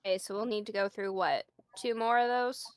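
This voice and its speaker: A woman's voice: mid-range voice, fairly even intonation, a little fast, a little hiss or hum. A woman playing in a tabletop game, planning aloud in a practical way. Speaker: player.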